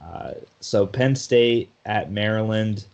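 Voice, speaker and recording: A man's voice: lowish voice, slow pace, a little mellow. A man co-hosting a sports podcast in casual chat, talkative, often laughing and restarting his sentences. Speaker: podcast co-host.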